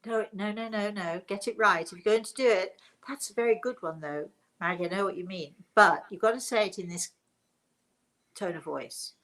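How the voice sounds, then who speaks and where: A woman's voice: mid-range voice, brisk, few pauses, fairly bright tone, poor audio. An older woman, host and spiritual medium, chatting casually on a live stream, rambling and laughing often.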